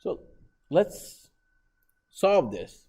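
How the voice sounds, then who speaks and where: A man's voice: on the high side, very animated, extremely slow, warm tone, husky. A man teaching math in a classroom, lecturing live and teasing his students with jokes.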